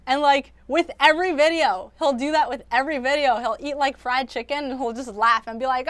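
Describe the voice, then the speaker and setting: Smooth-voiced young woman chatting casually. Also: high-pitched, normal speed, fairly bright tone, dry recording. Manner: rambling, filler-heavy, many restarts. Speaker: livestream host. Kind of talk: casual livestream chat.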